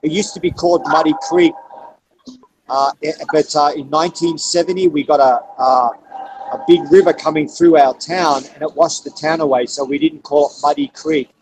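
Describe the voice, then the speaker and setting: An Australian man with a slightly higher voice, talking bluntly and swearing often. He speaks with heavy emphasis over a video call. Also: steady tone, normal speed, background noise. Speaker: caller on a livestream. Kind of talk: casual chat.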